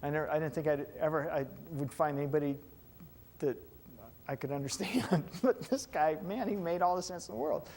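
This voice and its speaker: A man's voice: fairly high pitch, a little fast, a little mellow. A man giving a classroom lecture on hypnotherapy, talking conversationally and checking in with his students with questions.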